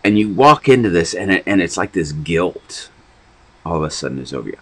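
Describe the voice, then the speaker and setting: A man's voice: sits low, very animated, brisk, slightly rough, low-quality recording. A man giving an informal, rambling sermon on a podcast, talking conversationally with many restarts. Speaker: preacher.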